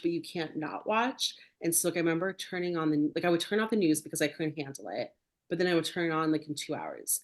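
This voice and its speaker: Low-voiced chatty woman host. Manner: chatty, many filler "like"s. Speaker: podcast host. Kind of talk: casual conversational storytelling.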